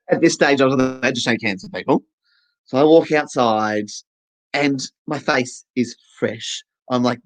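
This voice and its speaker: Voicing a deaf comedian's set at an online festival, an Australian-accented stand-up performer acts out characters in a self-deprecating comic tale. The medium-pitched delivery is animated yet unhurried, captured in a rough recording.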